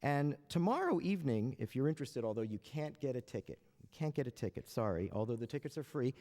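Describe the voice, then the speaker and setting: A man's voice: medium pitch, very animated, fast, dark tone. A man moderating a panel in front of an audience, opening with dry jokes and many hesitant "uh"s. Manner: wry, joking asides between hesitant filler-heavy lines. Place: large lecture hall. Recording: reverberant hall.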